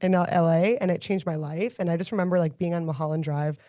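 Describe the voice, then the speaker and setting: Woman host, quick and chatty, mellow tone, dry close sound. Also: fairly low pitch, no echo. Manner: chatty, eager, shares own stories. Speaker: podcast host. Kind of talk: casual interview chat.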